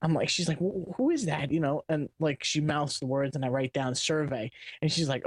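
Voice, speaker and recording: A man's voice: on the high side, animated, a little fast, hardly any pauses, no room sound. A man co-hosting a casual late-night tech podcast, rambling through a story with frequent restarts and laughter. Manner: rambling, restarts sentences often, laughs while telling stories. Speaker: podcast co-host.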